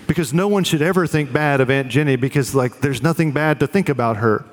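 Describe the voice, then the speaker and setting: A man's voice: medium pitch, fairly quick, in a large hall. A man preaching a sermon as pastor, earnest and conversational, with fillers.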